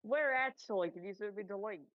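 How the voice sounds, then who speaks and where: A woman's voice: medium pitch, fairly quick, dry recording, muffled recording. A woman on a voice call with a streamer, bantering and teasing in a playful way. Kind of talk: casual voice chat banter.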